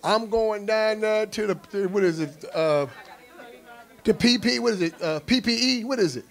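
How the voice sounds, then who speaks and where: A man preaching a sermon, leading call-and-response and rising to shouts. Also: high voice, moderate pace, gravelly, a faint crowd. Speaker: pastor. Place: church sanctuary.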